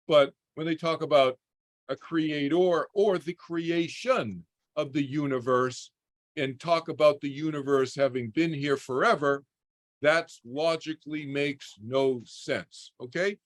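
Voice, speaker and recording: A man's voice: fairly high pitch, dry recording. A man giving an informal talk over a video call as a spiritual teacher, speaking conversationally and often checking in with his listeners. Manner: conversational, keeps checking in with "okay?". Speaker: spiritual teacher speaking to a parent support group.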